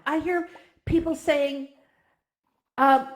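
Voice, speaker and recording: A woman's voice: sits high, expressive, slow pace. A woman giving a heartfelt, emotional talk to a virtual reality community, speaking effusively and close to tears at times.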